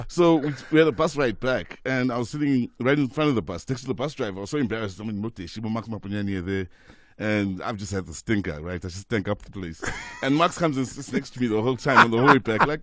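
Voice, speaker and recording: A man's voice: mid-range voice, fast talker, no echo. A man in his forties, a football commentator telling stories in a radio studio interview. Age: 40s. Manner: lively anecdotes with quoted voices. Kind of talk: casual radio interview storytelling.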